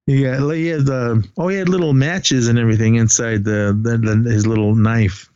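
A man's voice: mid-range voice, fairly even intonation, normal speed, darkish tone, smooth, no echo. Rambling man with a dull dry sound. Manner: rambling, with frequent fillers and swearing. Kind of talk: casual movie recap chat.

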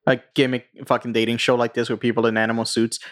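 A man co-hosting a casual podcast, talking in a loose, rambling way and swearing freely. His pitch sits in an ordinary middle range, and his banter is full of fillers and restarts. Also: flat delivery, fast talker, a bit bright. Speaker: podcast co-host. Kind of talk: casual chat.

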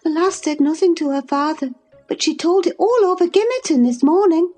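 A woman's voice: very high voice, lively intonation, brisk, darkish tone, faint music behind, voice pushed up. A woman voicing a frantic young servant girl, gasping and stammering in an audiobook reading. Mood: breathless.

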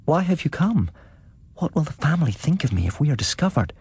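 A man's voice: on the high side, very animated, brisk, slightly rough, dry recording, voice pushed up, heavily acted. A man doing a sweet-voiced young woman. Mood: alarmed. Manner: soft and pleading.

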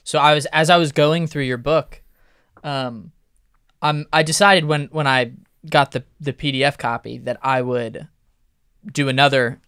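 A man hosting a podcast asks earnest, eager questions in casual chat. His voice is smooth and clear, at an ordinary pitch for a man. The recording is close and dry. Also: steady tone, measured pace, a bit bright, no room sound. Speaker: podcast host.

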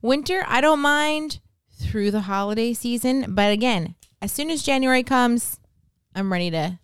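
A woman chats as co-host on a travel podcast, agreeable and laughing easily. Her voice is smooth and clear. It is recorded close and dry. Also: fairly high pitch, normal speed, no echo. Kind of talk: casual travel podcast chat. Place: home room.

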